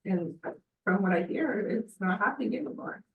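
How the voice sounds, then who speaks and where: A woman's voice: mid-range voice, moderate pace, narrow, tinny audio. A woman, a parent, earnestly sharing a personal story about her son, often saying "you know". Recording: echoey room, voice from a distance.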